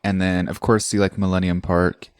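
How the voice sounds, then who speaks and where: A man's voice: deep voice, flat delivery, normal speed, dry recording, clean studio sound. A man in his thirties working as a podcast producer, chatting easily, joking and laughing often. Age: 30s. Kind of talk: casual chat.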